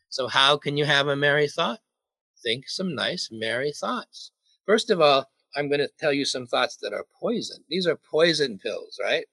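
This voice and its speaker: A man with a bright, forceful voice preaches a sermon. He jokes and keeps putting questions to the congregation. The sound is close and dry, with little room echo. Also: medium pitch, vocal fry, breathy edge. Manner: jokey, asks the congregation questions.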